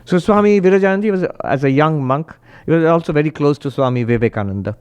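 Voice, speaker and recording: A man, a monk, giving a spiritual talk and telling stories with animated quoted voices. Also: quick pace, clear, resonant tone, highs cut off. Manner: animated storyteller, raises pitch when quoting, laughs often.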